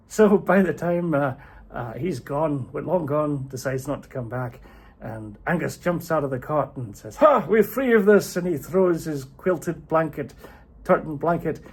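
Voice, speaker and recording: In a somewhat high, slightly rough voice, a storyteller relates a folk tale loosely and with lots of energy. He chuckles often and teases himself along the way.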